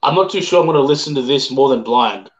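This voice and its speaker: An Australian man gives his take on a new song, thoughtful and hedging as he weighs it up. He speaks at an everyday pitch, and his mic sounds slightly dull and muffled. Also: quick pace. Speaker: co-host, music reviewer. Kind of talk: casual live-stream chat.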